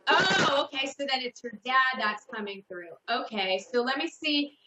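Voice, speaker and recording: A woman hosting a call-in psychic radio show, giving slow, hesitant readings full of fillers and restarts. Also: sits high, expressive, pushed and bright, reverberant, rough recording.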